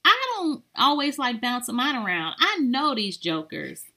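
Lively teasing woman podcast co-host. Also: a little high, a little slow. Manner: playful, teasing, slangy. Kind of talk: casual chat.

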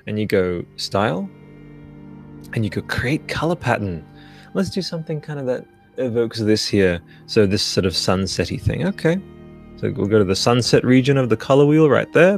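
A man's voice: medium pitch, lively intonation, moderate pace, faint music behind. A man in his thirties hosting a live stream, chatting casually in a loose, profane, hyped-up way. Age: 30s. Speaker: podcast host.

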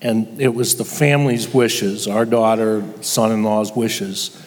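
An older man telling a personal story as a guest before an audience, halting with pauses and restarts. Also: on the low side, fairly even intonation, a little mellow, in a large hall, slight background noise. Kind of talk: personal testimony to a live audience.

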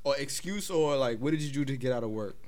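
A young man, hosting a casual podcast chat, talking haltingly with many fillers and restarts and laughing often. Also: medium pitch, animated, a little mellow. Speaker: podcast host.

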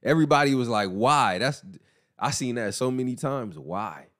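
A man hosting a casual boxing commentary podcast, animated and mocking, who laughs often. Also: medium pitch, a little fast. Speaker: podcast host.

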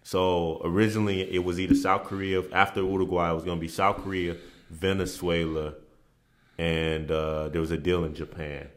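Casting: man with a very low voice, laid-back podcast guest who often restarts and repeats phrases. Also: flat delivery, normal speed. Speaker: interview guest, former basketball player. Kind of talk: casual storytelling in a podcast interview.

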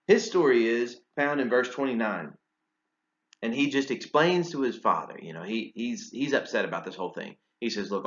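A man preaching a sermon in a conversational way, asking rhetorical questions and using casual fillers. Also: medium pitch. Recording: roomy and slightly dull sound.

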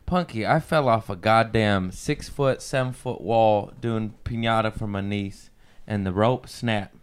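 A man's voice: fairly low pitch, unhurried, clean tone. A man hosting a casual podcast chat, telling a long anecdote with lots of swearing. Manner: animated, profane anecdote-telling. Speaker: podcast host.

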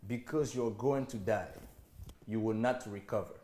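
A man reading scripture aloud during a sermon, steady and measured. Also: fairly low pitch, echoey room. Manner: steady reading, frequent murmured agreement.

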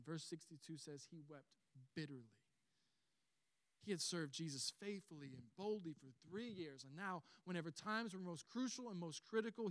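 Southern male pastor, high voice, dry close sound, animated storyteller. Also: no echo. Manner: animated storytelling, acts out quoted lines. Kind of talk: sermon.

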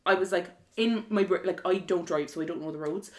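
A woman's voice: on the low side, brisk. A young woman telling a story in casual chat, acting out the lines of other people. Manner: animated, acts out quotes.

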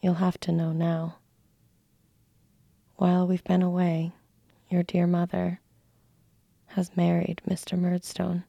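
A woman's voice: on the low side, monotone, takes it slowly, vocal fry, long pauses, warm tone, dry recording, clean studio sound, heavily acted. A woman voicing a kind, worried housemaid who speaks in a trembling voice, in a whispered role-play. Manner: trembling, anxious.

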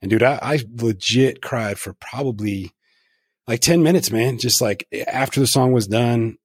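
A man's voice: medium pitch, moderate pace, husky, no echo, studio quality. A middle-aged man hosting a podcast, talking frankly and reflectively, swearing freely as he opens up in conversation. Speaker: podcast host. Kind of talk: candid conversational interview.

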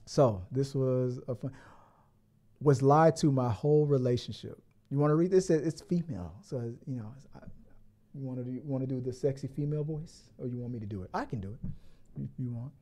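A man's voice: mid-range voice, fairly quick, warm tone. A man hosting a casual podcast, rambling and joking as he restarts his words. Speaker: podcast host. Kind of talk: casual chat.

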